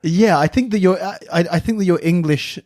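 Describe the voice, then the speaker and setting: A man's voice: high voice, a little fast, darkish tone. A man hosting a casual podcast interview, giving frequent short agreeing replies. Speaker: podcast host.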